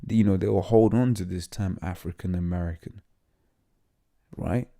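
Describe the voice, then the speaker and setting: A man giving an informal scripture teaching, full of fillers and "right?" tags, reading passages aloud haltingly. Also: sits low, creaky, dark tone. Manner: halting, many fillers and tag questions; reads text aloud haltingly. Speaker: lay preacher.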